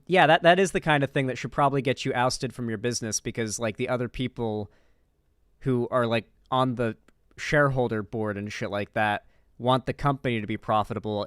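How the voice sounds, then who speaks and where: A political commentary streamer reacts casually to a clip, sounding loose, profane and incredulous. His mid-range voice is a bit bright and clean, captured in studio quality with no echo.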